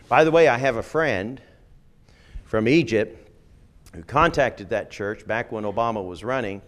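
A middle-aged man who grew up in the United Kingdom, a former missionary, giving a conversational lecture on religion in an emphatic manner, checking in with frequent "okay?" asides. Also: fairly low pitch.

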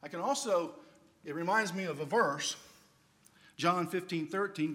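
A man's voice: high-pitched, measured pace, fairly bright tone. An older man preaching, telling a playful, humorous personal story as a storytelling sermon.

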